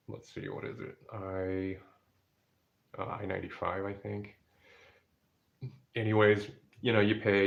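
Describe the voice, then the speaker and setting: An outdoor vlogger with a low-pitched voice and vocal fry chats casually about outdoor trips and family, rambling with lots of fillers and restarts. The recording is dull and lo-fi.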